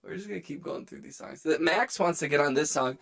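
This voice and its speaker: A music producer streams casually at night from his home studio, reading chat out loud and cracking jokes over background music. On his studio microphone, his slightly high, slightly fast voice carries vocal fry, some brightness, and a breathy edge, with no room sound.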